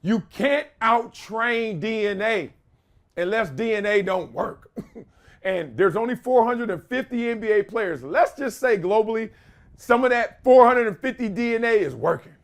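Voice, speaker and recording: In his high voice, this podcast host delivers lively, casual commentary, breaking into frequent laughter and quick voices of other people.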